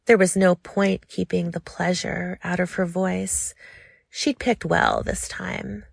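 A woman narrating an audiobook in a slow, intimate, low-key reading. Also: flat delivery, gravelly, husky, no room sound, studio quality.

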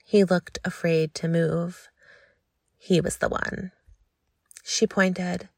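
A woman reading an intimate story aloud in a slow, hushed, lingering way. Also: on the low side, flat delivery, creaky, dry recording, studio quality. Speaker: narrator.

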